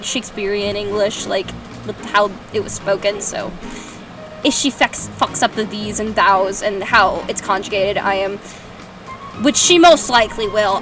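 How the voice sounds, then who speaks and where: A young woman reading a fan story aloud and mocking it with sarcastic, swearing asides. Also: medium pitch. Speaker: host reading fanfiction aloud. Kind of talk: comedic dramatic reading with commentary. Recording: distant mic, music behind.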